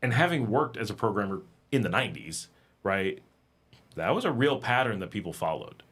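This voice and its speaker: A man hosting a casual livestream, talking in a conversational, animated way and acting out exasperated quotes. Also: fairly low pitch, normal speed, breathy edge. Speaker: livestream host. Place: home in Nicaragua.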